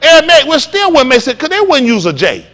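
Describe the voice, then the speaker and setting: A man's voice: very high voice, wildly swooping pitch, brisk, fairly bright tone. A male pastor preaching a sermon in a blunt, heated, mocking way, swearing freely.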